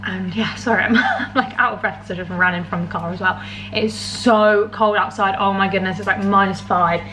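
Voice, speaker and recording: A woman's voice: mid-range voice, fairly even intonation, brisk, bright, forceful tone, slight background noise. A young British woman chatting casually to the camera in her home, rambling with lots of ums and likes and frequent little laughs. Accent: British English. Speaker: vlogger.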